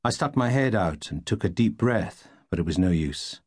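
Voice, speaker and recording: A man reading a novel aloud in the first person, wry and deadpan. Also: fairly low pitch, moderate pace, no room sound, clean studio sound. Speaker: audiobook narrator.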